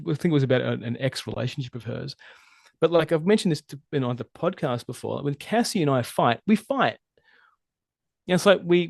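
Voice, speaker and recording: A man talking as a relationship coach in a podcast interview, animated and emphatic, swearing freely. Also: fairly high pitch, creaky, dry recording, clean studio sound. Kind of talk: casual interview conversation.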